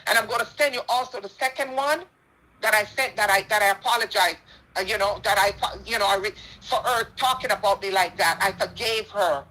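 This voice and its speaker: Indignant Jamaican woman, bright voice. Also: mid-range voice, a little fast, rough recording. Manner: indignant, emphatic, repeats her points. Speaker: charity donor responding to a dispute. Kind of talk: impassioned personal statement.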